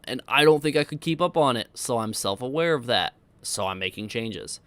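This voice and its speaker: A man's voice: mid-range voice, lively intonation, normal speed, a bit bright, no echo. A man in his twenties from Iowa, rambling and correcting himself as he casually answers viewer questions on a stream. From Iowa, United States. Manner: rambling, self-correcting, easygoing. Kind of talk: casual livestream Q&A chat.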